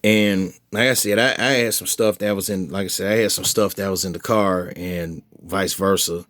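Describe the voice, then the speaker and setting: With a low voice at normal speed, a man updating his followers recounts a personal story, swearing a lot and restarting often. He voices his angry replies in jumpy, heated outbursts, padding with fillers, on a dry, clean studio recording.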